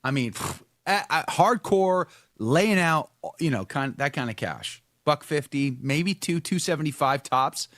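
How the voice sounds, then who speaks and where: Chatty, wry male host with a lively voice. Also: a little high, measured pace, hardly any pauses, no room sound, studio quality. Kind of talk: casual livestream chat greeting viewers.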